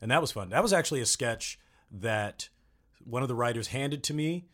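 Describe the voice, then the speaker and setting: A man's voice: medium pitch, moderate pace. A middle-aged man, a voice actor, chatting casually and acting out the people he quotes as he tells stories. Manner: animated storyteller, acts out quoted people. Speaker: voice actor guest. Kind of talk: casual podcast conversation.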